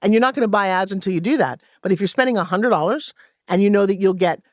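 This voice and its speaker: A woman guest and sales coach, telling stories in an animated way and acting out quoted dialogue in a podcast interview. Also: mid-range voice, fast, no room sound, studio quality.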